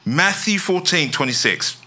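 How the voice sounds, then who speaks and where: A man preaching with a very bright, tense edge to his voice. His pitch leaps up and down as he drives his points home, pressing his listeners with rhetorical questions. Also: animated, a little slow. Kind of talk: sermon.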